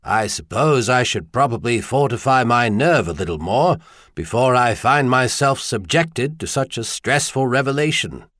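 A man voicing a thoughtful archbishop who speaks in a wry, measured way. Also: mid-range voice, lively intonation, fairly bright tone, dry recording, clean studio sound, close to an everyday voice.

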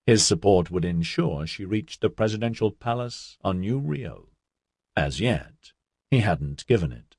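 Deep husky guy reading a novel, steady pace, dry close sound. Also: a little slow, no room sound. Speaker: audiobook narrator. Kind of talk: scripted narration.

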